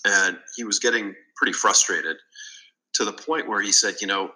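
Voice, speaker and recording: A man's voice: lowish voice, moderate pace, bright, forceful tone, poor audio. A man being interviewed on a business podcast, telling stories from his work in an earnest, conversational way. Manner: earnest storytelling with fillers and restarts. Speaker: guest, business consultant. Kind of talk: casual interview.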